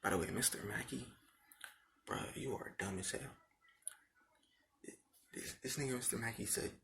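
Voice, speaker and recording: A man's voice: mid-range voice, normal speed, gravelly, fairly bright tone. A young man telling a rambling, profane story about his school days in casual talk, repeating himself often.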